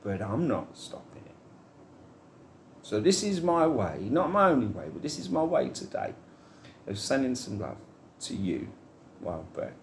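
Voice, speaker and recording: A man's voice: medium pitch, huge pitch swings, unhurried, pauses often. Man, spiritual monologue, rambling and heartfelt, echoey room, faint background hum.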